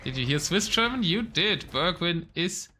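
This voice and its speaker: A young man calling a strategy game match live, his voice fairly high and sharply bright. He mixes relaxed play-by-play with offhand chat to the viewers, in a casual, easy way. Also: moderate pace, faint music behind. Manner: casual, chats with the live chat between calls. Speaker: esports caster.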